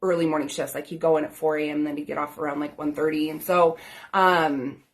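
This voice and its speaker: A woman's voice: low voice, little pitch movement, brisk. A woman in her thirties, a life coach, telling her own story in an earnest, grateful, chatty way full of "like" and "um" fillers. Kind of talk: personal storytelling to camera.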